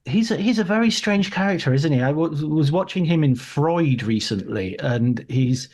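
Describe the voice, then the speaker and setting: A man interviewing an author, asking curious, reflective questions in a relaxed chat. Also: on the high side, normal speed. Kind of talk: conversational interview.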